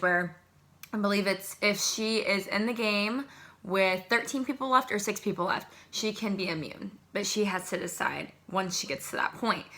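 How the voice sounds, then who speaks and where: A young adult woman casually recapping a reality show to camera in an excitable, chatty way. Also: mid-range voice. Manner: chatty, excitable, animated asides. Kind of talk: casual chat.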